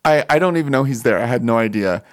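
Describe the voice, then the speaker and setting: A man telling a personal story in casual chat, animated, laughing often and full of fillers. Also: mid-range voice, quick pace.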